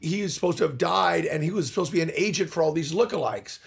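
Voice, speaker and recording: A man, a voice actor guest, telling lively anecdotes in an interview and slipping into voices. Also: a little high, quick pace, vocal fry, breathy edge. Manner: animated storyteller who slips into voices.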